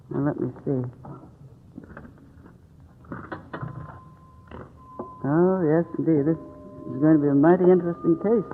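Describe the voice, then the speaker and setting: Actor as older doctor, stammering, frightened; tinny vintage radio play. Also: male voice, on the high side, normal speed, slight background noise, natural voice. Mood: mumbling. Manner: stammering, pleading in panic. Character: kindly older male doctor, terrified. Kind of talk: 1940s radio acting. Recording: tinny old radio broadcast.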